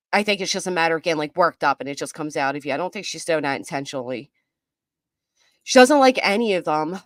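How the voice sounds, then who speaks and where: A woman's voice: lowish voice, dry recording, studio quality. A woman doing live reaction commentary, chatty and reading viewer comments aloud. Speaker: commentary streamer.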